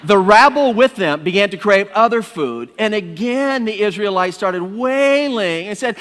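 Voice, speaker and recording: Man, pastor, animated sermon, high voice, long church reverb. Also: a little slow, hardly any pauses. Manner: animated storytelling, addresses listeners as "my friends". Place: church sanctuary.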